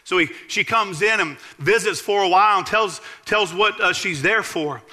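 A man preaching a sermon, telling a story and growing excited at its high points. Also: moderate pace. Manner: animated, rising to exclaim at high points.

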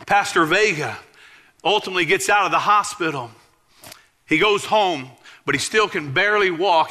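A man preaches a sermon as a story, pitched high, with a very bright, cutting tone. He speaks in an animated way and builds to excited exclamations.

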